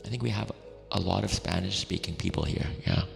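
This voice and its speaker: A man streaming ASMR, talking gently and affectionately, laughing often and slipping between a whisper and a soft voice. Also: low-pitched, brisk, vocal fry, long reverb tail, music in the background.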